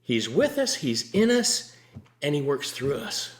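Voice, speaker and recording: An older man sharing a personal faith story in a relaxed, earnest conversation, sometimes laughing as he tells it. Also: mid-range voice, unhurried. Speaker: guest sharing testimony. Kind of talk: conversational testimony.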